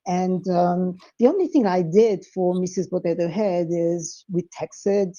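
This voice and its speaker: Casting note: young woman with a French accent, low-set, hesitant guest chat, dull lo-fi line. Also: a little slow, mellow. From France. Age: young adult. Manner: hesitant, full of fillers. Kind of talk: casual chat.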